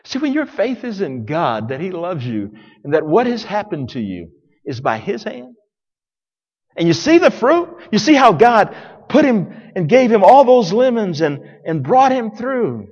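A man preaching a sermon as pastor, dramatic, swinging from loud declarations to hushed near-whispers. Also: high-pitched, very animated, a little slow, breathy edge, lo-fi sound. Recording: long reverb of a large hall.

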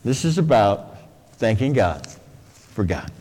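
A man preaching a sermon, folksy and expressive, dropping to soft low phrases and jumping to high, emphatic ones. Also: slow. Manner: folksy, colloquial asides. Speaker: pastor. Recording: long hall reverb.

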